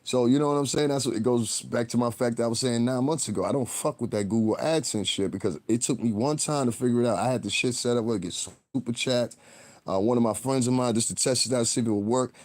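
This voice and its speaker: Here a livestreamer talks fast in a mid-range voice that's a little mellow. It's a profane rant aimed right at viewers, heavy on cursing, combative and rambling.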